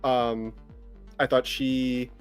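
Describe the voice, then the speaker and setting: A man's voice: medium pitch, little pitch movement, drawn-out words, smooth, faint music behind. A man co-hosting a podcast in casual chat, enthusiastic and emphatic. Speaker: podcast co-host.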